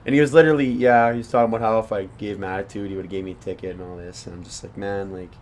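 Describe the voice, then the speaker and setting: A man's voice: fairly low pitch, fairly even intonation, very fast, darkish tone. A young man co-hosting a casual podcast, telling a rambling story with swearing and laughs. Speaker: podcast co-host. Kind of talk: casual chat.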